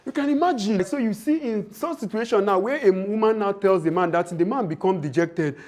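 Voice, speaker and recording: A man's voice: sits high, a little fast, darkish tone. A man giving a leadership and relationship training talk to women, preachy and emphatic, who acts out the lines of husbands and wives as he teaches.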